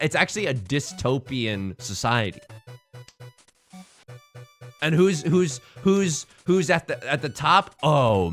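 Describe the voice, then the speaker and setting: A young man live-streaming a tile game, bantering with chat in a rambling, jokey way and swinging between shouts and mutters. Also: fairly high pitch.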